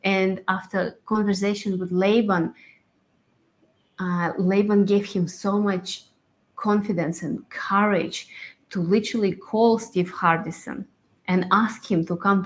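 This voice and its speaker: A woman's voice: medium pitch, steady tone, a little slow. A woman chatting as a guest, eagerly chiming in on her partner's story. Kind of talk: casual chat.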